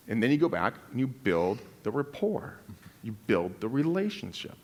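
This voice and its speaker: A man's voice: mid-range voice, big pitch swings, fairly quick. Guy at a seminar firing questions at the crowd, medium voice. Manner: direct, asks the audience questions. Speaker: real estate agent on a panel. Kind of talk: live seminar teaching.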